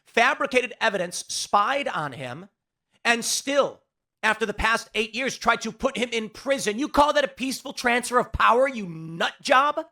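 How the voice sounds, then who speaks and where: A man's voice: extremely high pitch, lively intonation, normal speed, bright, forceful tone. A man giving sarcastic, mocking reaction commentary as a political commentator.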